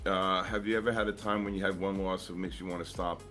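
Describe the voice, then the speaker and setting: A man's voice: deep voice, little pitch movement, fast, bright, forceful tone, faint music behind. A middle-aged man trading live on a stream, chatting casually and rambling through stories with lots of fillers and restarts. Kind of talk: casual chat.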